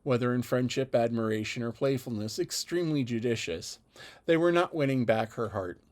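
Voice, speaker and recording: A man reading a classic novel aloud as an audiobook narrator, measured and even. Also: medium pitch. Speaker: audiobook reader.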